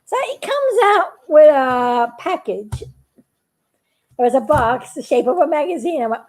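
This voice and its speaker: A woman's voice: high voice, very animated, a little slow, a little mellow. A woman chatting casually to her viewers, telling a story and laughing often. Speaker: YouTube cartoon maker.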